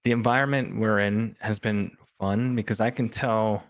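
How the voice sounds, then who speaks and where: A man who plays in the group's campaign, speaking in a measured, wry way. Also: on the low side, steady tone, no room sound. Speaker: player. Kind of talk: casual panel chat.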